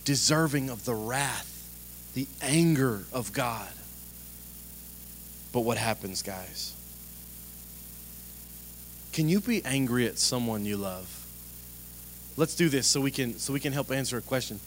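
Lively preaching man, faint hum. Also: medium pitch, measured pace, pauses often. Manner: lively, conversational preaching with humor and direct questions to the congregation. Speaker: pastor. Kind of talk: sermon.

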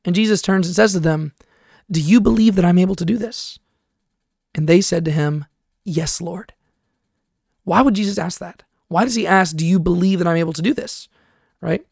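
A Bible teacher giving a study lecture, explaining passages step by step, reading scripture aloud and often checking in with a quick "right?". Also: medium pitch, vocal fry, darkish tone, slightly rough, no echo, clean studio sound.

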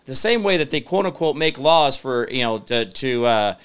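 A man's voice: medium pitch, expressive, normal speed, a bit bright, clear, resonant tone. A man hosting a live-stream show, talking emphatically and reading viewer comments, rambling with many fillers. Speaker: show host.

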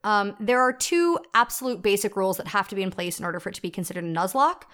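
A woman's voice: mid-range voice, expressive, fast talker, fairly bright tone, clear, resonant tone. A young woman co-hosting a casual chat podcast, explaining things with lots of asides and laughing often. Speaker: podcast co-host. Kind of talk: casual chat about fan fiction.

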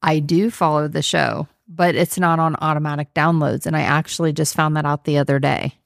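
A woman's voice: low voice, level tone, a little fast, vocal fry, no echo, studio quality. A woman guesting on a casual podcast, wry and defensive, laughing often. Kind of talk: casual chat.

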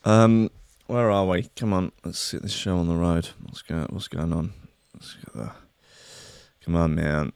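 A man hosts loose solo commentary, playful and full of swearing. His voice sits low. The sound is dry and close, with no room around it. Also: steady tone, measured pace, creaky, darkish tone, clean tone, no room sound. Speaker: host.

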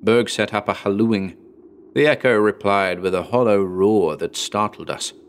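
A man giving a measured, dramatic scripted narration of a horror story. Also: lowish voice. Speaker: audiobook narrator.

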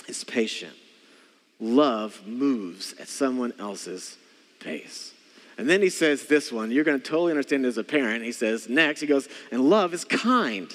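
A man preaching a sermon in a church, talking conversationally to the congregation, repeating key phrases and slowing down to stress them. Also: mid-range voice, big-room sound. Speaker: pastor.

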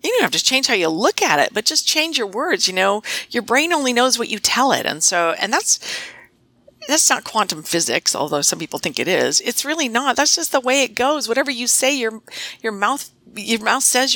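A woman's voice: fairly high pitch, sing-song, moderate pace, sharp tone, dry recording. A middle-aged woman veterinarian and practice owner, speaking as a podcast guest in an emphatic, coaching way.

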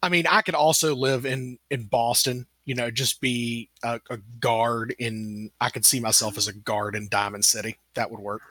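A man's voice: medium pitch, steady tone, moderate pace, few pauses, pushed and bright, no echo. A man chatting casually on a podcast, laid-back and swearing freely. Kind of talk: casual group chat.

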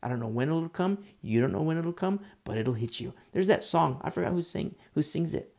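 A man preaching a sermon in an earnest, conversational way, sometimes dropping his voice low. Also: animated, a little fast, gravelly, darkish tone. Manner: earnest, conversational preaching, drops to a whisper at times. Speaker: pastor.

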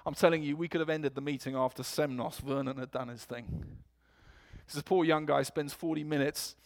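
Animated man preaching a sermon. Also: on the high side, moderate pace, vocal fry. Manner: storytelling, animated quotes. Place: church.

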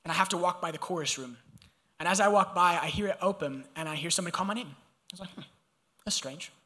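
A young man from Georgia preaching a sermon, telling a personal story in an animated, conversational way and talking straight to the congregation. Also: high-pitched, quick pace. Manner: animated, conversational, addresses audience directly.

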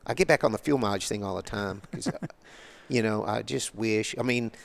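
An older man with a fairly low, gravelly voice speaks at normal speed as a guest on an interview show. He tells rambling, colloquial stories in a casual storytelling manner.

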